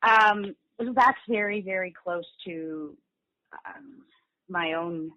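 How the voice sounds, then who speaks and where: Woman, voice actress guest, animated, explanatory, lowish voice, phone-quality audio. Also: slow pace. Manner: animated, illustrates points with demo voices. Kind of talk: interview, explaining voice technique.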